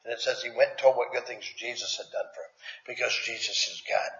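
A pastor preaches a plainspoken, folksy sermon in a conversational way, asking his congregation questions. His medium-pitched voice is fast, pushed, and bright. The recording has an echoey hall sound and dull lo-fi quality.

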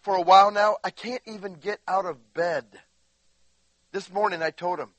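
High, bright-voiced preaching man. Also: fairly even intonation, moderate pace, dry recording. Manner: emphatic, swings from quiet asides to crying shouts. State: in constant bodily pain. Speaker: pastor. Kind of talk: sermon.

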